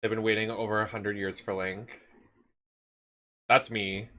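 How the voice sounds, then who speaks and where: A man's voice: lowish voice, level tone, unhurried, pushed and bright. A man streaming a video game, chatting with campy, dramatic outbursts and frequent laughter. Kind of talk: livestream gameplay commentary.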